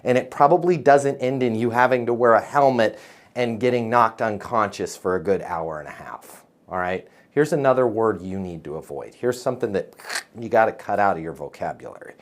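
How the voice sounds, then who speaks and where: A man's voice: fairly low pitch, animated, fairly quick. A man coaching salespeople on a live video call, emphatic and punchy, checking in with "right?" and "okay?" as he goes.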